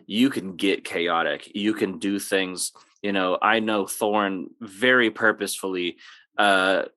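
Man with a bright, low voice. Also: takes it slowly, no room sound, studio quality. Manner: relaxed, rambling with many fillers. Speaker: game master. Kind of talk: casual podcast chat giving advice.

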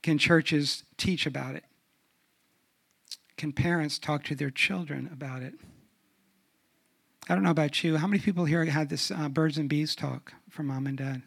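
A middle-aged man preaching a sermon on a church stage, asking rhetorical questions and dropping to a hush for emphasis. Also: a little high, steady tone, normal speed, vocal fry, pauses often, breathy edge. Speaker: guest speaker on sexuality. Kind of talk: sermon with humorous stories.

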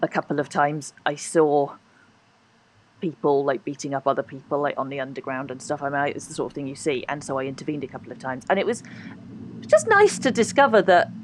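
A woman's voice: low voice, sing-song, fairly quick, slight background noise. A woman with a posh voice, a guest on a podcast, chatting animatedly, laughing often and hedging her points. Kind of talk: casual interview chat.

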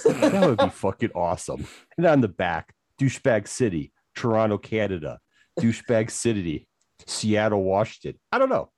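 A man with a very low voice rants about his work in a casual podcast chat. He swears freely, sounds exasperated and laughs through it. His pitch swings widely and the sound is dry and close. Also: lively intonation, normal speed, darkish tone, no room sound. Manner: profane, exasperated ranting with laughs. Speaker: podcast co-host.

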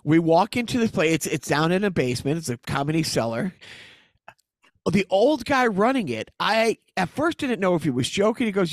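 Animated high-voiced man telling a story. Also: moderate pace, no room sound, clean studio sound. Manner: animated, laughing, acts out quotes. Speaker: comedian. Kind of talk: casual storytelling chat.

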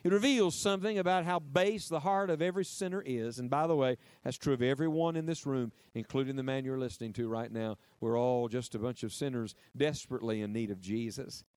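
A man's voice: mid-range voice, brisk, hardly any pauses, darkish tone, clear, resonant tone, no room sound. A man preaching a sermon, emphatic and repetitive. He drives key phrases home, prompts the congregation to answer and drops playful asides.

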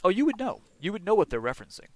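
A man acting as game master, narrating a tabletop game in a relaxed, chatty way with joking asides. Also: sits high, racing, low-quality recording.

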